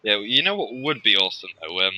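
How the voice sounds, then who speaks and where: A man's voice: fairly low pitch, very animated, quick pace, sharp tone, poor audio. A man hosting a casual let's-play, rambling and joking with plenty of ums. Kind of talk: casual gameplay commentary.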